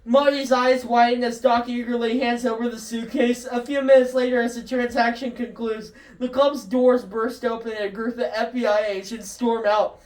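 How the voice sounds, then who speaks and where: A woman's voice: fairly high pitch, fairly even intonation, normal speed, few pauses, darkish tone. A woman casually reading a comic script aloud, giggling and stumbling over words, in a roomy recording from a distance. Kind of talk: casual read-aloud storytelling. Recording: roomy echo, distant from mic.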